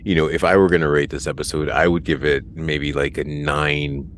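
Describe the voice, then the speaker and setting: A man's voice: a bass voice, little pitch movement, normal speed, slight background noise. A man hosting a podcast, talking in a rambling, filler-heavy casual chat. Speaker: podcast host.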